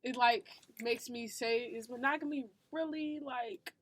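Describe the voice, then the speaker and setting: A woman's voice: a little high, measured pace. A young woman, a college student, co-hosting a casual podcast, chatty and slangy. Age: young adult. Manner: chatty, slangy, laughs easily. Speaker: podcast co-host.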